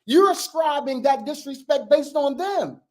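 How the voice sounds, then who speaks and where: A man's voice: extremely high pitch, lively intonation, a little slow, slight background noise. A man hosting a heated debate, insistent and emphatic, repeating his points and talking over the other speaker. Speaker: show host.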